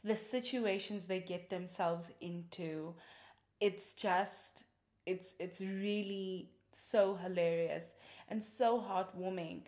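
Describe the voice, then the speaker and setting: A woman's voice: fairly low pitch, fairly even intonation, takes it slowly, a little mellow. A young woman, an actress, hosting a casual chat about films she recommends, gushing and laughing often. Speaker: host and actress. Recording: roomy echo.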